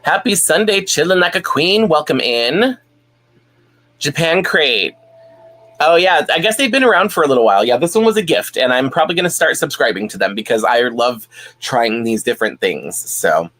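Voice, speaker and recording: A man's voice: a little high, sing-song, normal speed, a bit bright. A man hosting a casual live stream at home, chatting and reading viewer comments, rambling with many fillers and restarts.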